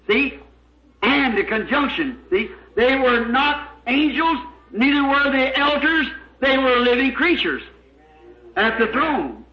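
Fervent preacher, a man with a very high voice, captured in a roomy, echoey church. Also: animated, slow pace. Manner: emphatic, fervent, spells out words letter by letter. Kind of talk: sermon. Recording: echoey, dull lo-fi old recording.

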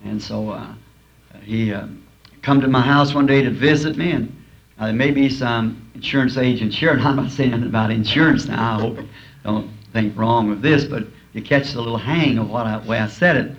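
A man's voice: medium pitch, moderate pace. A man preaching to a congregation, telling homespun stories and chuckling at his own jokes. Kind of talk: folksy sermon with humorous anecdotes. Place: school auditorium before a congregation. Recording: dull lo-fi archival tape with faint hiss.

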